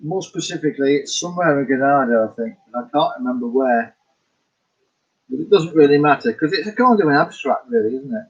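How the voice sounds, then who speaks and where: A man's voice: on the high side, expressive, a little fast, husky, highs cut off. A middle-aged Scottish man chatting casually about his paintings, rambling, chuckling and answering his own questions. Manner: rambling, chuckling, talks to himself. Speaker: artist vlogger.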